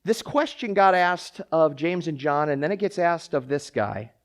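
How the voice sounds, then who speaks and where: A man preaching as a pastor, closing his sermon with a prayer, moving from quiet pleading to loud, urgent calls. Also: a little high, expressive, moderate pace.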